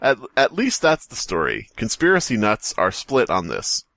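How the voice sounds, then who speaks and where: Man, low voice, podcast co-host, reads aloud, laughs often, dry sound. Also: huge pitch swings, moderate pace, vocal fry, a bit bright, no room sound. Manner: laughs often, stumbles and riffs while reading. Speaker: podcast co-host, story reader. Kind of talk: casual chat and reading aloud.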